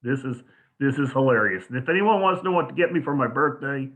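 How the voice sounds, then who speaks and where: A man's voice: medium pitch, animated, fast, fairly bright tone. A man hosting a casual online show, chatty and hesitant, with lots of ums and uhs. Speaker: show host. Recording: phone-like lo-fi audio.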